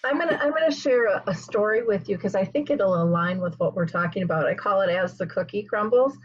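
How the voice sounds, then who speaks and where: A middle-aged woman hosting an interview, telling a personal story with lots of animated acted-out quotes. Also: medium pitch, brisk, slightly rough, no room sound. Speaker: host. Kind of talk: casual interview chat. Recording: dull lo-fi sound.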